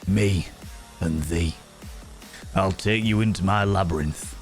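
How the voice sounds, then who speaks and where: A man voicing a flirty, brawny male Minotaur with a Yorkshire accent, in a low, seductive drawl. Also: takes it slowly, soft background music.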